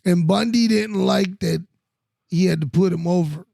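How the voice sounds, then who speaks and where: A man, a former wrestler co-hosting a podcast, telling stories in animated, profane casual chat with lots of restarts. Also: high voice, normal speed, gravelly, no echo, studio quality.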